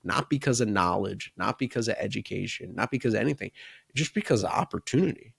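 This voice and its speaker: A man's voice: lowish voice, expressive, fast talker, gravelly, fairly bright tone, breathy edge, dry recording, studio quality. A man who coaches baseball, co-hosting a casual podcast and talking in long run-on thoughts that he often caps with "right?" and "like".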